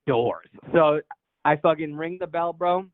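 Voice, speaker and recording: A man's voice: fairly high pitch, a little slow, dry recording. Young man on a tinny phone line. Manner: profane, rambling, laughs through his story. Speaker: caller. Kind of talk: casual storytelling.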